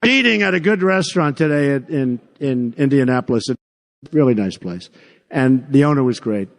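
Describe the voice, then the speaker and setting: A creaky, mid-range voice with lively intonation and normal speed belongs to an older man campaigning at a rally. Before a big arena crowd he rambles and repeats, adding mocking asides, while the PA gives long hall reverb.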